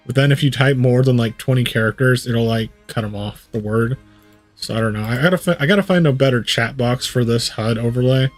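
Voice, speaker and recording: Man game streamer, rambles and thinks aloud, condenser mic, faint game music underneath. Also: medium pitch. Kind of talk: casual live gameplay commentary. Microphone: studio USB condenser mic.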